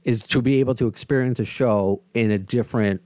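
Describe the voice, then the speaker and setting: A man's voice: medium pitch, fairly even intonation, a little fast, a little mellow, no echo. A man from the United States hosting a casual interview, rambling and self-deprecating. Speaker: host. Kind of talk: casual video-call interview.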